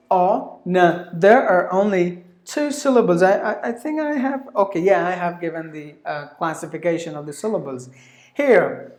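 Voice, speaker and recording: A woman teaching English pronunciation who repeats each word slowly and spells out its letters. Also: mid-range voice, darkish tone. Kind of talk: pronunciation lesson. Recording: echoey room.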